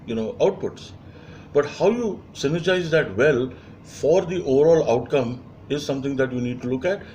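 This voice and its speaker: A man's voice: mid-range voice, a little mellow, a little hiss or hum. A man lecturing as a leadership trainer, emphatic and repeating key phrases, with frequent fillers.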